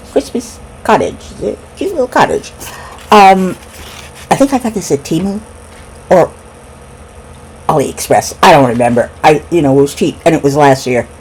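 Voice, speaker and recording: A woman's voice: deep voice, darkish tone, a little hiss or hum, low-quality recording. A middle-aged woman vlogging casually at home, giggling often and rambling while she eats breakfast. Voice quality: giggly, laughs between words. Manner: rambling, talks with mouth full over breakfast. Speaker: craft vlogger. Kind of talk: casual chat.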